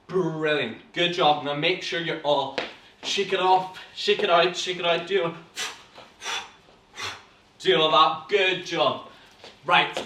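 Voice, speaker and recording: Upbeat Northern Irish acting teacher, roomy. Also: male voice, a little high. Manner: lively, encouraging, coaching warm-ups aloud. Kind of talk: energetic online acting class. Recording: roomy echo, from a distance.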